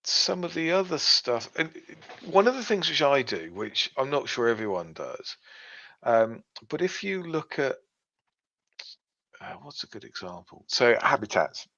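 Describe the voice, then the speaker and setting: A man's voice: mid-range voice, sing-song, measured pace, pushed and bright. A man co-hosting a podcast, explaining things step by step with plenty of fillers in a casual chat. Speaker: podcast co-host. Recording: dull lo-fi sound.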